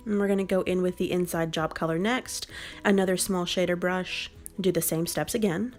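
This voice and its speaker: A young woman calmly explaining each step of a makeup tutorial in voice-over. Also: lowish voice, normal speed, faint music behind. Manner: calm, step-by-step instructional. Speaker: beauty vlogger.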